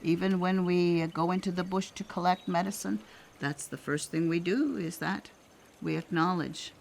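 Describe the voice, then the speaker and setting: An older woman from Canada, an elder telling a personal story in a gentle, reflective way, pausing often and laughing softly. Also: fairly low pitch, gravelly, slight background noise. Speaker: elder sharing traditional teachings.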